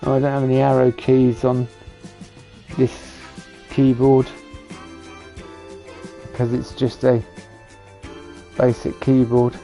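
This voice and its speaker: A tired man talks his way through a building game in a gravelly, mellow voice, half muttering to himself. Soft game music plays faintly behind him. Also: medium pitch, monotone, takes it slowly, pauses often. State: tired, yawning. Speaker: streamer. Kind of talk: casual gameplay commentary.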